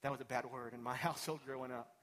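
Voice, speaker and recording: A man's voice: mid-range voice, fairly even intonation, racing, fairly bright tone. A man preaching a sermon in a church, talking in a conversational, digressive way with personal asides. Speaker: pastor. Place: church sanctuary.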